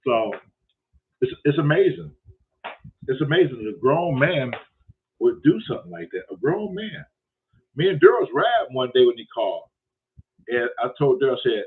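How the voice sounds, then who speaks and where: A man's voice: medium pitch, big pitch swings, normal speed, long pauses. A man tells a casual story in a rambling way, repeating himself and cussing freely. His voice sits in a middle range and sounds thin and tinny, like it is coming over a phone line. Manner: rambling, profane, repetitive. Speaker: show host.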